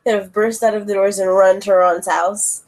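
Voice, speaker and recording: A woman's voice: medium pitch, steady tone, moderate pace, a little mellow, poor audio. Woman casually narrating her role-play turn. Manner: casual, rambling. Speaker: player.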